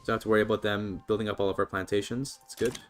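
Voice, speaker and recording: A man's voice: on the low side, little pitch movement, racing, slight background noise. A Canadian man from British Columbia casually commentating a strategy game on a livestream, chatting easily and answering his chat. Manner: chatty, laid-back, reads and answers chat. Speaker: streamer.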